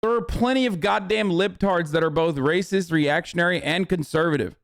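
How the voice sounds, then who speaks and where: A man's voice: high voice, normal speed, gravelly, no echo, studio quality. A young man hosting a livestream, ranting in a casual, profane and argumentative way. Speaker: livestream host.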